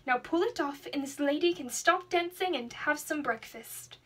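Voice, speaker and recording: A woman's voice: high-pitched, normal speed, close to an everyday voice. A woman voicing an impatient, bossy king in a storybook reading. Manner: brusque and bossy.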